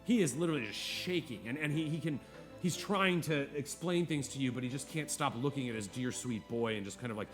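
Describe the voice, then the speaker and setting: A man's voice: medium pitch, brisk, soft background music. A man narrating a tabletop game as game master in a casual, rambling way full of fillers.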